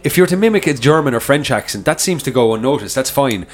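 A man's voice: mid-range voice, expressive, quick pace. An Irish man in a casual pub chat, earnestly arguing a point and restarting as he goes.

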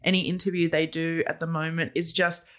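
A woman's voice: sits low, little pitch movement, a little fast, a bit bright. A woman co-hosting a podcast, chatting casually and playfully, laughing often. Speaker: podcast co-host. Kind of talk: casual chat.

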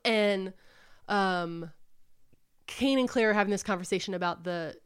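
A woman's voice: medium pitch, a little slow, clean tone. A woman hosting a book club podcast, casually retelling a novel's plot and acting out the characters' lines. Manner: animated storyteller acting out quotes, says "like" often.

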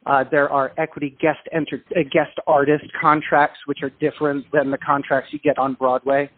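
Animated male guest on a tinny phone line. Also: fairly high pitch, a little fast. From England. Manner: animated, self-deprecating, frequent restarts. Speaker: guest singer and dancer. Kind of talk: casual storytelling over the phone. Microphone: telephone.

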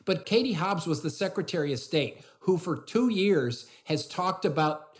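Man, commentator, political chat, blunt, higher pitch. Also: expressive, moderate pace, hardly any pauses.

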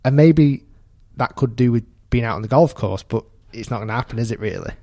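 A man's voice: mid-range voice, fairly quick, dark tone. A man co-hosting a podcast in casual chat, thinking aloud and often restarting his sentences. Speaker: podcast co-host.

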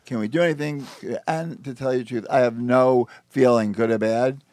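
Measured man in a dry close mic. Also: medium pitch, steady tone, darkish tone, dry recording. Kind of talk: casual chat.

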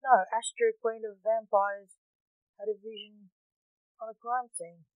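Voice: mid-range voice, level tone, measured pace, no room sound, phone-quality sound, voice pushed up, lightly acted. A reader voicing a sarcastic, dismissive young man who snaps back at his father, in a storybook reading. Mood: snappy. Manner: snappy, dismissive. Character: snappy, sarcastic adult male son, necromancer.

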